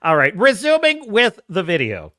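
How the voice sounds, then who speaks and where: A man's voice: high voice, huge pitch swings, normal speed, sharp tone, no echo, clean studio sound. A man hosting a podcast, reacting to video clips with sarcastic, exasperated ranting and frequent laughter.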